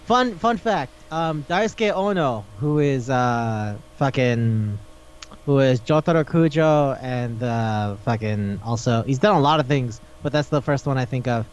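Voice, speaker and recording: A young man co-hosting a casual podcast, swearing a lot and acting out characters in animated voices. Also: medium pitch, a little slow, clear, resonant tone. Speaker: podcast co-host. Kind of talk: casual chat about anime. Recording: dull lo-fi podcast recording.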